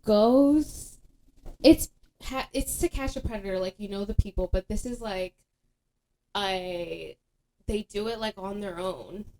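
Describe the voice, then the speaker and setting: A young adult woman hosts a casual podcast chat at an ordinary mid pitch. She rambles in an animated way, stacking fillers as she explains. Her tone is loose and conversational. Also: a little slow, pauses often, a little hiss or hum. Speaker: podcast host.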